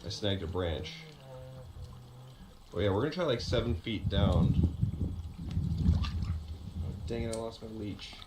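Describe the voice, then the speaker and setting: A man's voice: lowish voice, animated, takes it slowly, pauses often. Man rambling while fishing from a boat. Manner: rambling, chatty, thinks aloud. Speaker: fishing vlogger. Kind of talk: casual narration while fishing. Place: outdoors on a boat on a lake. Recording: distant, roomy, heavy outdoor noise.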